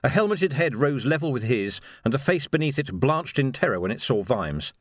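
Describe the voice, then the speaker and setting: In a mid-range voice at a moderate pace, a male audiobook narrator reads a novel with expressive, storytelling delivery. The scripted narration is recorded dry and at studio quality.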